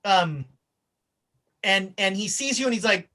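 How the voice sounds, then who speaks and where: A woman's voice: medium pitch, expressive, a little slow, bright, forceful tone. A woman running a tabletop game as game master, narrating casually with lots of fillers and restarts.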